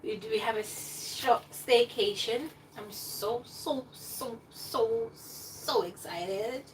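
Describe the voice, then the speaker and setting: A woman hosting a casual cooking live stream from her home kitchen, chatty and excitable, rambling as she goes. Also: a little high, takes it slowly. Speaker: cooking livestream host. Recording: distant mic with clear room noise.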